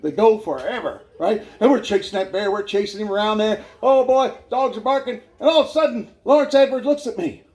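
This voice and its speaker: Folksy man with a high voice. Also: brisk, few pauses, darkish tone. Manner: folksy, self-mocking, laughs through his words. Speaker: guest speaker giving his life testimony. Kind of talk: storytelling testimony at a church revival. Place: church.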